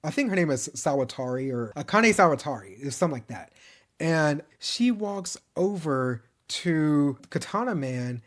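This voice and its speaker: A man's voice: fairly high pitch, moderate pace. Man casually recapping an anime season. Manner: animated storytelling, chuckles often, mimics characters' lines.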